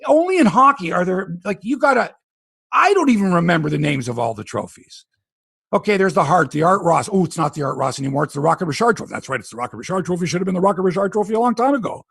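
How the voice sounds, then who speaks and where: A man hosting a sports podcast, ranting in animated, profane casual talk. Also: sits high, fast, gravelly, breathy edge, no echo.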